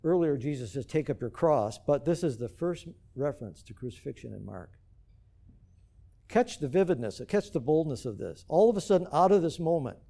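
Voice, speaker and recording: A man preaches a sermon in a fairly high, mellow voice. He is earnest and keeps turning to the congregation with rhetorical questions. He speaks as the pastor of the church. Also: big pitch swings, moderate pace, vocal fry.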